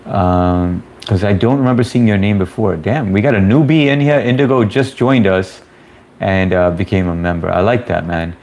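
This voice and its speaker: A man's voice: low voice, steady tone, normal speed, darkish tone. A man hosting a casual livestream, reading viewer comments aloud and greeting people by name in a laid-back, chummy way. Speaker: livestream host.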